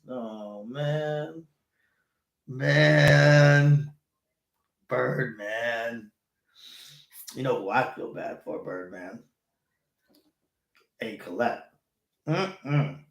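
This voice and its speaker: Animated, cursing male chat host. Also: medium pitch, drawn-out words, creaky, long pauses, dull audio. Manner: animated, swearing, rambling. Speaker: show host. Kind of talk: casual solo chat show. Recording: roomy echo.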